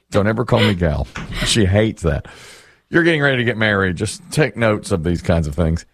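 A man's voice: on the low side, expressive, normal speed, no room sound, studio quality. A middle-aged man hosting a casual chat, telling rambling, self-deprecating stories and laughing often.

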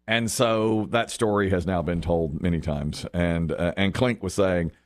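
A middle-aged man hosts a radio show, chatting casually on air and telling stories in an animated way, acting out the voices of the people he quotes. He has a low voice and a measured pace.

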